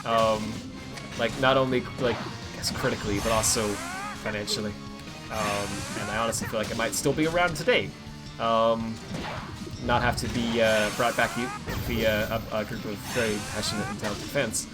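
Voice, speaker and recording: A man's voice: on the low side, steady tone, normal speed, over loud music. A young man streaming a video game, chatting casually with lots of fillers and restarts as he plays. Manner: rambling, filler-heavy, self-correcting. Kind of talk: casual gameplay commentary.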